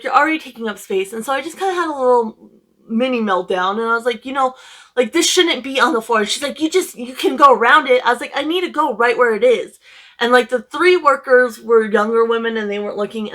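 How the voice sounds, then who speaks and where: A young woman retells her day to camera in a loose, rambling way, full of fillers and emotion. Her voice sits a little high, and she talks casually from home. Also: fast talker, a bit bright. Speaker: book vlogger.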